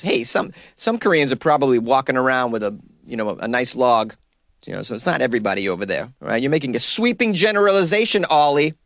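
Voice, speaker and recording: A man's voice: medium pitch, expressive, quick pace, a bit bright, no echo, studio quality. A man hosting a podcast, giving loose comedic commentary, laughing often and mocking quotes in silly voices. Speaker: podcast host.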